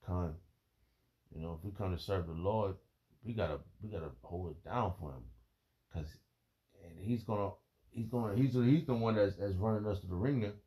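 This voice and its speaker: A man in a rambling spiritual monologue, emotional and halting, peppering his talk with "man" and "bro". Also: low voice, mellow. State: emotional, holding back tears.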